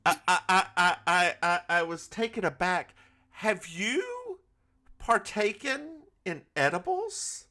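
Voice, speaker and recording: A man's voice: high voice, sing-song, slow, bright, forceful tone. A man with a Southern US accent co-hosting a podcast, recapping a TV episode in campy, teasing banter. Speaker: podcast co-host. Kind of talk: casual comedic recap chat.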